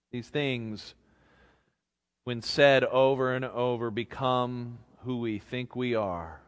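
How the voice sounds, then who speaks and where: A man preaching a sermon, speaking gently and reflectively as a pastor. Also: medium pitch, fairly even intonation, slow pace. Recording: long reverb of a large hall.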